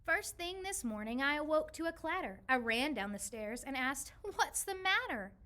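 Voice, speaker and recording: A woman reading a rhyming children's picture book aloud, with an expressive, rhythmic delivery. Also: sits high, moderate pace.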